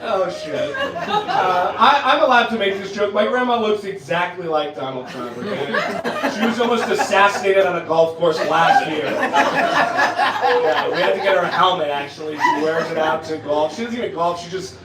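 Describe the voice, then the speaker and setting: A man's voice: sits high, expressive, moderate pace, over a noisy crowd. A man from Trenton, New Jersey, doing a profane, self-deprecating stand-up set and laughing at his own jokes. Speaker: stand-up comedian. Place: comedy club stage. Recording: roomy club sound, mic at a distance, audience.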